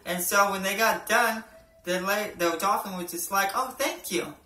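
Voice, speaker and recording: Young male amateur comic, sharp-toned, swearing, loose and rambling delivery, picked up from a distant camera mic. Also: sits high, steady tone, normal speed. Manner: rambling, peppered with "you know" and "right", swears a lot. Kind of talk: casual stand-up routine. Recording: echoey room, voice from off-mic.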